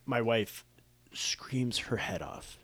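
A man's voice: medium pitch, expressive, slow pace, a bit bright. A young man chatting on a podcast, telling stories at his own expense and laughing often. His voice sits mid-range but swings widely as he talks. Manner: jokey, laughs often, self-mocking. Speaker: podcast co-host. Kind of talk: casual chat.

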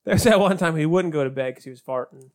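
A man in his twenties reminiscing with friends in casual chat, quick asides. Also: a little high, a little mellow.

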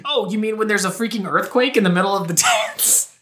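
A woman's voice: mid-range voice, fast, noisy background. A woman co-hosting a podcast, chatting casually and sarcastically about a movie and acting out the characters' lines. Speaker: podcast co-host. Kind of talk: casual chat recapping a movie. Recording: roomy echo.

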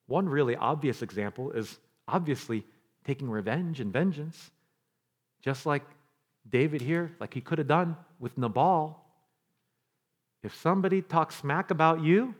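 A male pastor preaching a sermon with dramatic delivery, moving between loud passages and hushed near-whispers, with casual asides to the congregation. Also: a little high, lively intonation, normal speed, husky.

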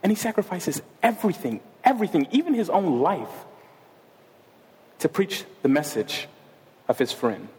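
A man's voice: sits high, very animated, moderate pace, pauses often, a little mellow. Man preaching in a big reverberant hall. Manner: casual, conversational preaching with jokes and asides. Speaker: pastor. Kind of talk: sermon. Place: church sanctuary with a stage. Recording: long reverb of a large church hall.

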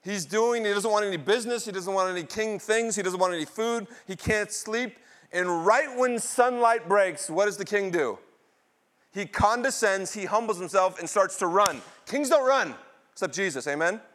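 Animated preacher man, slightly high voice. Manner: call-and-response questions, dramatic swings in pitch and loudness. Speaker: pastor. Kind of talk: sermon.

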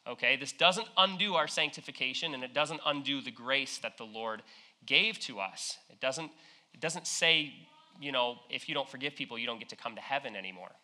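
A man's voice: mid-range voice, brisk, sharp tone. A young man preaching a sermon in a casual, conversational way, retelling a parable with slang and acted-out quotes.

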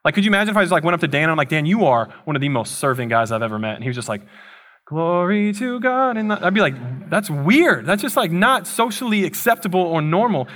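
A young male pastor preaching to his congregation. He talks casually and conversationally, breaking into playful asides. His voice sits slightly high for a man. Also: expressive, quick pace, hardly any pauses, fairly bright tone. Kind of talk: sermon.

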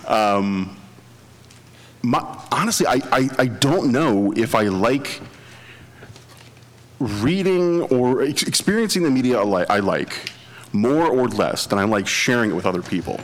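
A man chatting casually as a podcast co-host, animated and laughing often, with rambling restarts. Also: medium pitch, measured pace, long pauses, big-room sound. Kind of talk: casual chat.

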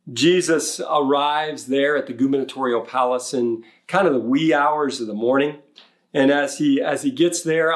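Conversational male pastor preaching a sermon. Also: medium pitch. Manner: conversational, paraphrasing with animated quotes.

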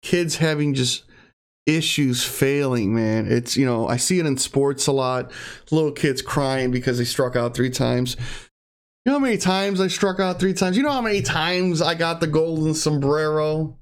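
A man's voice: on the high side, normal speed. A young man giving a blunt, profane pep-talk rant in a casual monologue.

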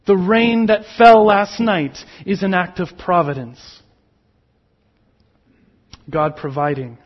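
A man preaching a sermon, slow and emphatic, with sudden drops to a near whisper on key words. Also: sits high, highs cut off. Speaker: pastor.

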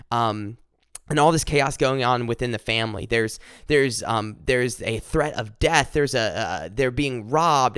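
A man's voice: mid-range voice, a bit bright, clear, resonant tone, dry recording, clean studio sound. A young man giving an earnest devotional talk, often repeating words and phrases for emphasis. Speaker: devotional speaker.

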